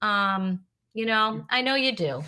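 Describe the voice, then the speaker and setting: Bright-voiced, chatty woman hosting a comedy stream. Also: medium pitch, lively intonation, measured pace, smooth. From Rhode Island. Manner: chatty, teasing, rambling with fillers. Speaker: host.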